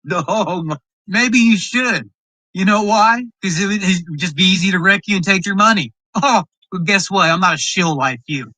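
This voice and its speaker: Man, streamer reaction commentary, boastful profane trash talk, high voice, close dry sound. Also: lively intonation, normal speed, bright, forceful tone, no echo, rough recording. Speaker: streamer reacting to a rival's video.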